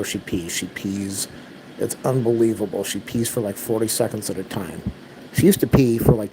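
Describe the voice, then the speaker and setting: A man's voice: fairly low pitch, noisy background. A man telling an exasperated, repetitive story to his viewers in a casual rant. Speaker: vlogger.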